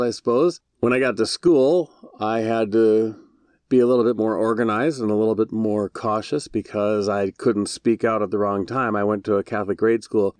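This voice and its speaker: A man's voice: lowish voice, a little mellow, dry recording. A middle-aged man hosting a podcast, telling his own story in a casual, self-deprecating way. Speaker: podcast host. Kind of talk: solo podcast monologue.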